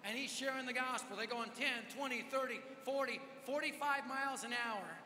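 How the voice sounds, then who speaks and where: High bright-voiced preacher in an echoey hall. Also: male voice, a little fast, slight background noise. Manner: energetic, dramatic swings from loud to hushed. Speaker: conference speaker. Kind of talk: storytelling sermon. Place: large hall. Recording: echoey hall with long reverb.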